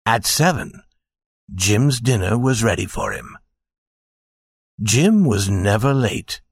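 Gentle male storyteller, unhurried pace, low voice, dry close recording. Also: lively intonation, husky, no room sound. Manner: gentle, addresses listeners directly. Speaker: narrator. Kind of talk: slow storybook narration.

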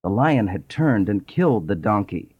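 A man narrating fables in a scripted, expressive storybook reading. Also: lowish voice, normal speed, breathy edge, no room sound. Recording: dull lo-fi audio.

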